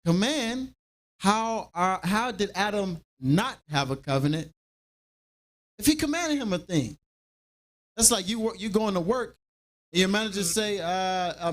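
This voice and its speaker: A man leading a scripture class in an animated preaching style, acting out everyday dialogue to make his points. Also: high voice, measured pace.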